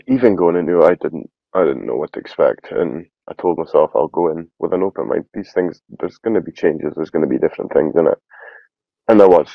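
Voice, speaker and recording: A man speaking as a guest in a casual podcast chat, measured and thoughtful. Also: very deep voice, gravelly, no echo. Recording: dull lo-fi dry mic.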